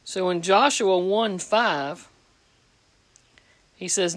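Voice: mid-range voice, lively intonation, unhurried, pauses often, no echo. A preacher giving a plain-spoken, folksy sermon, reading scripture aloud and repeating phrases for emphasis.

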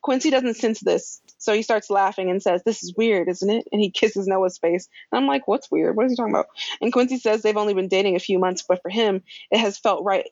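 A woman's voice: mid-range voice, fairly quick, dry recording. Chatty woman recapping a show, dry lo-fi sound. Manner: animated storytelling with laughs and slangy asides. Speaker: podcast co-host recapping a show. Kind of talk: casual chat.

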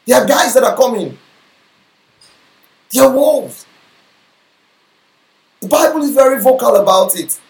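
A man's voice: very high-pitched, lively intonation, measured pace, long pauses. A man preaching a sermon, often checking in with the congregation with questions like whether they follow him. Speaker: pastor. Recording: echoey room.

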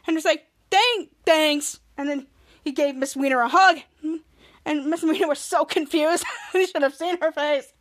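A woman with a very high voice hosts a casual podcast. She recaps an episode scene by scene and slips into the characters' lines as she goes. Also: steady tone, moderate pace. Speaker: podcast host.

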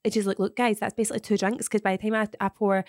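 A woman's voice: medium pitch, little pitch movement, racing, darkish tone, dry recording, studio quality. A woman, co-hosting a casual podcast chat and telling stories with plenty of swearing. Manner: chatty storyteller, swears freely. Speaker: podcast co-host.

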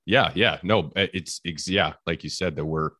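A man's voice: deep voice, normal speed, pushed and bright, no echo, clean studio sound. A man hosting a podcast interview, chatty and encouraging, often affirming his guest. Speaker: podcast host. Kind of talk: casual interview talk.

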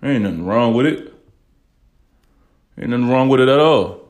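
A man's voice: mid-range voice, expressive, normal speed, a little mellow. A man hosting a casual podcast, talking bluntly and emotionally, swearing a lot and often saying "you know what I'm saying". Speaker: podcast host.

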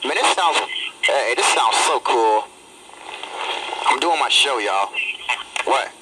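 A man's voice: mid-range voice, lively intonation, slow pace. A man in his thirties hosting a casual phone chatline show, rambling loosely and repeating himself with stumbles. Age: 30s. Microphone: telephone. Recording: noisy phone line.

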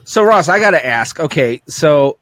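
A man co-hosting a call-in show, wisecracking and lively. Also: fairly high pitch, normal speed. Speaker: co-host. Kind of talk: casual chat, podcast. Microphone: video call.

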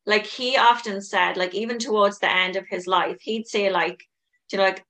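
A woman's voice: medium pitch, fairly even intonation, normal speed, fairly bright tone. A woman hosting a casual chat, rambling and filling her talk with "like" and "you know".

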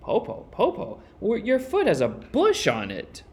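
A quick-witted eldest girl calls up high and bright, voiced by a man reading a storybook aloud. Her lively voice swoops up and down as she outsmarts a wolf. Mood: wary.

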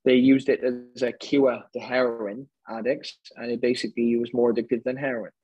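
A man's voice: medium pitch, flat delivery, normal speed, dark tone, husky, muffled recording. A Welsh man chatting casually as a guest, rambling with many hesitations. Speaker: guest, UFC fighter. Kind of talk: casual chat.

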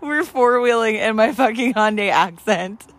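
A woman's voice: fairly high pitch, normal speed, slight background noise. Laughing, profane woman telling stories. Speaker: podcast co-host. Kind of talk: casual chat.

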